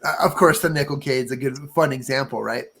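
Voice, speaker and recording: A man's voice: mid-range voice, fairly quick, gravelly, fairly bright tone, breathy edge. A man co-hosting a casual book club discussion, earnest and rambling, with many fillers and restarts.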